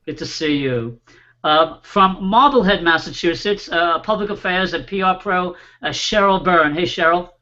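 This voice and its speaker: A man hosting an online panel show, warmly introducing his guests and filling pauses with small "uh"s. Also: high-pitched, muffled recording. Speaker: host.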